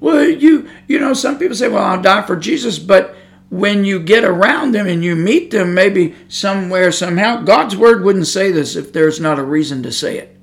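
Fervent high-voiced preacher. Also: male voice, animated, moderate pace. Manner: folksy, emphatic, rising to fervent intensity. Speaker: podcast preacher. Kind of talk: informal podcast sermon. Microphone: studio microphone.

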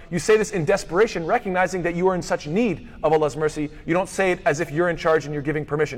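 A man teaching a lesson on hadith, rapidly reciting Arabic passages, then explaining them and posing rhetorical questions to his listeners. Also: sits high. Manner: poses rhetorical questions to the class. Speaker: Islamic studies teacher. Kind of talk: lecture on hadith. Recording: long hall reverb.

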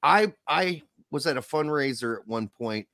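A man's voice: medium pitch, expressive, normal speed, pushed and bright, no room sound. A man co-hosting a casual livestream chat, talking bluntly with frequent swearing and jokes. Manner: blunt, profane, joking. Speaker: podcast co-host.

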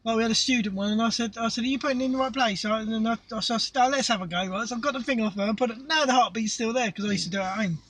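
A man's voice: extremely high pitch, rapid-fire, hardly any pauses, a bit bright, far from the mic, low-quality recording. A middle-aged Englishman telling crude, sweary stories and laughing in casual chat, recorded in a parked car. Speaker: podcast co-host.

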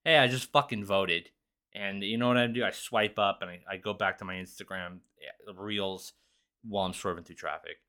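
A young man hosting a podcast, talking in a profane, rambling, excitable monologue. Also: low voice, normal speed. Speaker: podcast host. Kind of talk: casual monologue.

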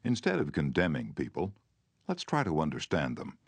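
Male audiobook narrator, very deep voice, earnest measured delivery, dry studio sound. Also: huge pitch swings, husky, dry recording. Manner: measured, earnest reading with tender, remorseful passages.

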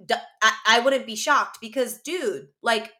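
A woman's voice: a little high, unhurried, pushed and bright. A young woman co-hosting a podcast, talking animatedly in casual chat and swearing freely. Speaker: podcast co-host.

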